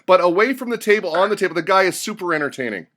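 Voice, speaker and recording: Higher-pitched male interviewer. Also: animated, very fast, sharp tone. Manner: conversational, storytelling. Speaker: interviewer host. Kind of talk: interview questions and anecdotes.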